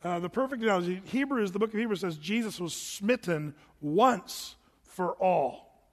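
A man preaching a sermon as a pastor, conversational and animated, with casual asides. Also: sits high, moderate pace. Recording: long hall reverb.

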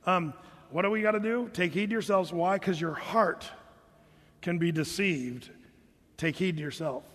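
A man's voice: sits high, normal speed, fairly bright tone, long reverb tail. A man preaching a sermon as pastor, conversational, now and then mimicking his listeners.

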